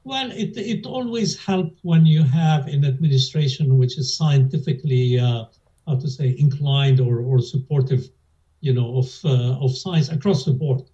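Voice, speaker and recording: Speaking at a moderate pace in a dark, mid-range voice, this former lab director, an older man, hesitates through oral history interview questions, restarting often and using many fillers. The recording has dull lo-fi quality.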